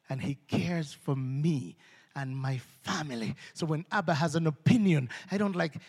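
A man preaching a sermon, animated, acting out voices and swinging between hushed and loud. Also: a little high, normal speed. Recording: long hall reverb.

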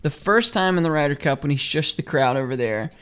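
A man in casual sports chat on a podcast, opinionated and quick to laugh. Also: on the high side, lively intonation, fairly bright tone, smooth. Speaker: podcast guest.

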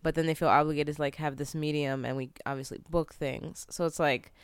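A woman's voice: deep voice, fairly even intonation, a little fast, smooth, no room sound. A young woman, a comedian, chatting playfully as a podcast guest. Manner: playful, joking. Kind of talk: casual interview chat.

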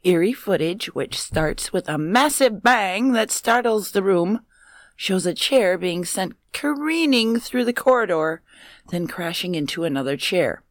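A woman reads odd news stories aloud as co-host on a comedy podcast. Her pace is unhurried and her pitch moves a lot. The sound is dry and close. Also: lively intonation, dry recording. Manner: measured story reading, quick to laugh.

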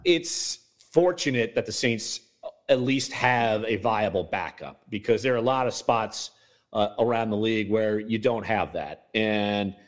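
A man who writes about sports, a guest on a podcast, breaking down football in casual chat with many hedges and restarts. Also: medium pitch. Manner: hedging, many fillers and restarts.

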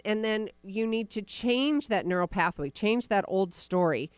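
Smooth-voiced woman coaching encouragingly. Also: medium pitch, normal speed, dry recording. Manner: encouraging, animated, acts out inner voices. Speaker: podcast host and coach. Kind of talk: live coaching call.

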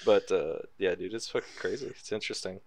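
A man's voice: deep voice, quick pace. A young man co-hosting a casual podcast chat, talking loosely, swearing and laughing often. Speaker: podcast co-host.

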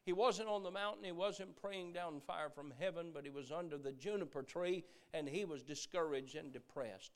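A middle-aged man preaching a sermon, earnest, repeating words as he goes and dropping from loud emphasis to a hush. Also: a little high, moderate pace, few pauses.

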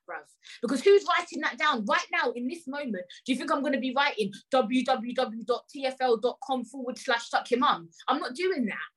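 Brisk and expressive, this podcast host's high, fairly bright voice comes through a rough recording. She vents through a story with indignant emphasis, cursing openly and talking right to her audience.

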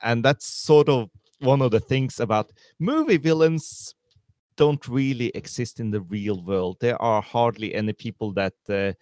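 A man co-hosting a podcast, talking in a measured, reflective, wry way. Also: medium pitch, a little mellow, no room sound, clean studio sound. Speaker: podcast co-host. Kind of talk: casual podcast discussion.

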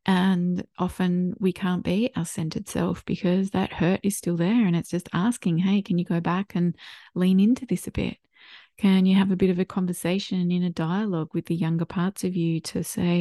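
A woman hosts a solo podcast, speaking gently and thoughtfully as she guides listeners to reflect. Her voice sits a little low and sounds warm, with a gravelly fry. The recording is close and dry. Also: fairly even intonation, normal speed, no room sound. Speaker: podcast host. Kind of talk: solo podcast talk on parenting.

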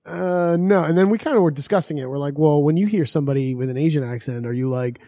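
A man's voice: on the high side, fast, dark tone, no room sound, studio quality. A man telling travel stories in loose, crude casual chat, laughing and swearing as he goes. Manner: storytelling, laughs often, swears freely.

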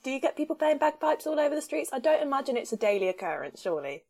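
A woman hosting a podcast, asking curious questions in a relaxed chat and laughing easily. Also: high voice, very fast. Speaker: podcast host. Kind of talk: casual interview chat.

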